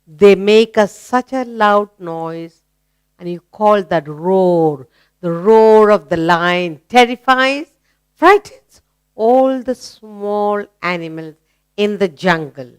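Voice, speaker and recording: With a smooth, medium-pitched voice and an Indian English accent, a woman gives children an English lesson. She asks simple questions and praises the responses in a slow, encouraging, sing-song way.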